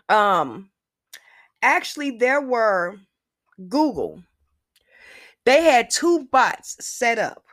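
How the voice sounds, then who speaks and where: A woman's voice: a little high, a bit bright, no room sound, clean studio sound. A woman hosting her own solo podcast, talking casually and emphatically to her listeners with slang and direct asides. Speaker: podcast host.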